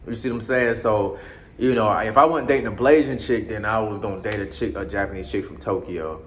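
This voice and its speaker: A man with a lowish voice tells a long story about his time abroad at a brisk clip. His talk is loose and slangy, packed with cursing, restarts and asides to whoever is listening, with slight background noise behind him.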